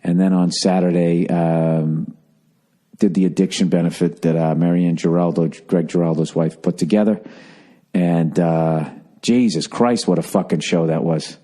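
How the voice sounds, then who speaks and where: This podcast host records alone at home at dawn, speaking quietly so the household stays asleep. His voice is low and fairly even at a normal speed as he rambles along with plenty of profanity.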